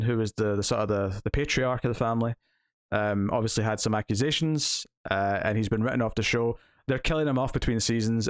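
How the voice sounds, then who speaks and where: A man's voice: medium pitch, no echo, clean studio sound. A man hosting a casual TV news podcast, chatting with lots of fillers and frequent laughter. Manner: laughs often, filler-heavy rambling. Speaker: podcast host. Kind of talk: casual chat.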